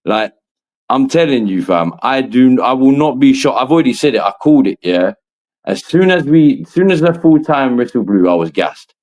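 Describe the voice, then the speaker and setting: A man's voice: mid-range voice, lively intonation, normal speed, darkish tone, highs cut off. A man co-hosting a football chat, slangy, emphatic and swearing freely. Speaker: co-host.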